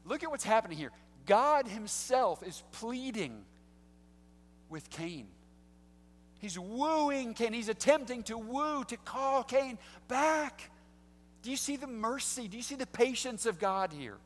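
Man, pastor, sermon, high voice, hushed-to-loud emphatic delivery, long hall reverb. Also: lively intonation, a little slow. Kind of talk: expository sermon.

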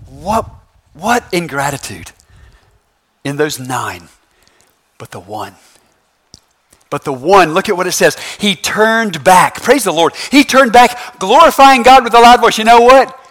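A man with a high voice preaching to a congregation in a church. His sermon swings widely in pitch, rising and falling with emphasis. He keeps it casual and slangy, checking in with the room with a quick "right?". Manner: lively, conversational preaching with constant "right?" asides. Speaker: pastor.

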